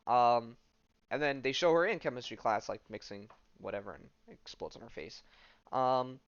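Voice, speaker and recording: A man of mid pitch talks casually as a podcast host, wandering through a comic book recap with plenty of fillers. His voice is smooth and clear. The recording is dry, with a muffled, lo-fi edge. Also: expressive, normal speed, no echo. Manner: rambling, loose delivery full of fillers.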